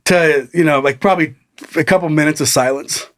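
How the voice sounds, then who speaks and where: Animated man telling a story on a podcast. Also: fairly high pitch, brisk. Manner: animated, laughs often, acts out quoted people. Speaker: podcast co-host. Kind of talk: casual storytelling chat.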